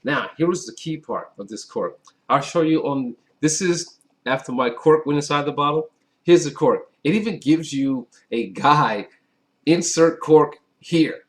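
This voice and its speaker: A man from Wisconsin hosting a casual wine tasting vlog, chatty and upbeat, talking straight to his viewers. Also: a little high. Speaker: wine reviewer. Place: indoors at a table with a white background.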